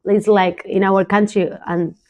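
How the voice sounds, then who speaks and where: A woman's voice: mid-range voice, level tone, darkish tone. A woman speaking English with an Argentine Spanish accent, Spanish being her first language. She talks casually as an interview guest and stops often to hunt for the right word. Her voice sits in a middle register for a woman. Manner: halting, searching for words, frequent laughs. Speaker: guest, professional poker player.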